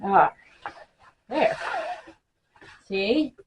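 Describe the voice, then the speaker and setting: A woman's voice: mid-range voice, expressive, very slow, noisy background. Chatty woman doing a craft demo. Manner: chatty, talks to her pets mid-task. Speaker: crafting vlogger. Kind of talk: casual how-to demonstration. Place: home craft room.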